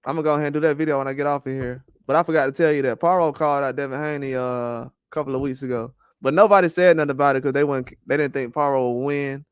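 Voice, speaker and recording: A man's voice: mid-range voice, fast talker, few pauses, clean tone, no echo, clean studio sound. A man hosting a boxing channel, giving casual, rambling commentary and trash talk. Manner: animated, rambling trash talk with frequent laughs.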